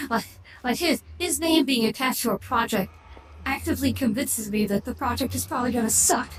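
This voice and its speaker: A woman's voice: fairly high pitch, lively intonation, moderate pace, a bit bright. A woman streamer chatting casually on a livestream, rambling and opinionated, often restarting her sentences. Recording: echoey room with clear background noise.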